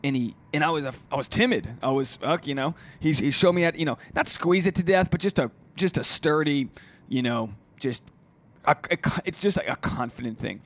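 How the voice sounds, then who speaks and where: Man, higher-pitched voice, rambling solo podcast talk, casual and profane, comedian. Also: expressive, brisk. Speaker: stand-up comedian and podcast host.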